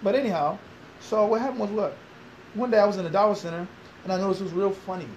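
A man telling a long story as an interview guest, animated, acting out quoted dialogue and throwing in rhetorical questions. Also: high-pitched, fast talker, a little hiss or hum, low-quality recording.

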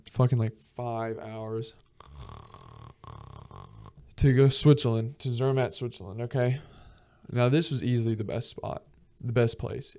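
A young man from Georgia hosts a casual podcast and rambles through travel stories. He swears freely and acts out the people he quotes. His voice sits at a middling pitch with a mellow, relaxed tone. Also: clean tone. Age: young adult. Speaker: podcast host. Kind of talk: casual storytelling monologue.

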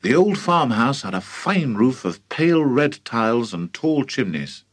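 An older British man narrating a children's audiobook with theatrical, highly expressive storytelling. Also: unhurried, husky. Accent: British English. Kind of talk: audiobook reading.

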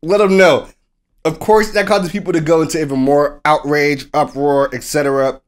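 A man co-hosting a sports podcast in casual chat, telling the story with animated delivery and acting out what people said. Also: a little high, fairly quick, clear, resonant tone. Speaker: podcast co-host.

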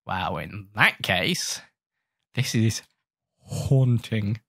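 A man's voice: lowish voice, expressive, very slow, gravelly, a bit bright, dry recording, clean studio sound. A man hosting a gaming channel, giving rambling, jokey, self-mocking commentary while he scolds the creatures in his game. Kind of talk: casual gameplay commentary.

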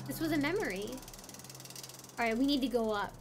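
A woman streaming live gameplay, excitable, gasping often and swearing in delight as she plays. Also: on the high side, fairly quick, pauses often. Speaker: gaming streamer. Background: game music.

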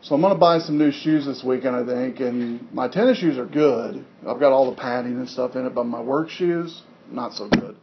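A man's voice: mid-range voice, fairly quick, few pauses. A man from Missouri with a Southern accent, teaching a class in a casual, rambling way with lots of fillers. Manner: rambling, with many fillers and restarts. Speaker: instructor. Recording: dull lo-fi classroom recording with faint hiss.

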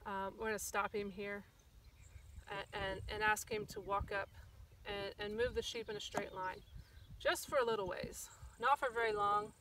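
A woman's voice: medium pitch, lively intonation, normal speed, vocal fry, fairly bright tone, recorded from a distance, a little hiss or hum. A woman stockdog trainer giving a casual outdoor lesson on herding dogs, with lots of ums and acted-out corrections. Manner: casual, many ums, acts out dog corrections. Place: outdoors at a rural field. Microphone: phone camera from a distance.

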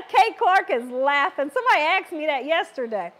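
A woman's voice: extremely high pitch, very animated, normal speed, a bit bright. A woman hosting a live cooking stream, chatting with viewers and reading their comments, her voice a little worn. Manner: chatty, laughs often, reads viewer comments aloud. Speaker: cooking show host. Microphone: wearing a microphone.

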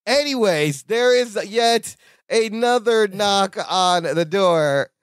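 A man co-hosting a podcast, recapping a sitcom in casual chat, animated and laughing often as he acts out the lines. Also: high voice, slow pace, clean tone, no room sound. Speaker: podcast co-host.

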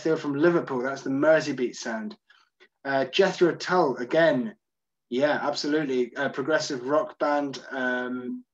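Chatty male guide on a muffled video call. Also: a little high. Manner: chatty, self-deprecating, answers comments one by one. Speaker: tour guide. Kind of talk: live Q&A reading audience comments.

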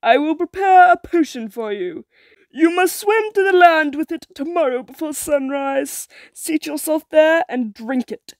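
A woman's voice: high-pitched, lively intonation, unhurried, a little mellow, no echo, voice pushed up. A woman voicing a cruel, cackling old sea witch in a storybook reading, gloating and menacing.

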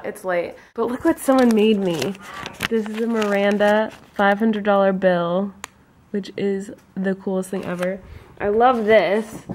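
A woman vlogging at home late at night, chatting casually and bubbly to her handheld camera. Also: mid-range voice. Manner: chatty, bubbly, many "like" fillers.

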